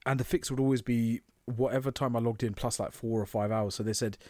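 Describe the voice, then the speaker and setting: A man on a close podcast mic, dry and present, chatting casually and swearing freely. He tells his story with lively put-on voices for the people he quotes. His pitch sits mid-range for a man. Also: brisk, no room sound. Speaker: podcast co-host. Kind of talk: casual chat.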